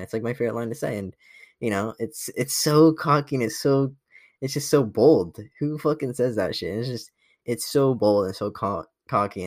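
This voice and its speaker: A man's voice: medium pitch, no echo, studio quality. A young man hosting a podcast, telling a boastful dating story in a cocky, profane, laughing way. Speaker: podcast host. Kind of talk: casual storytelling monologue.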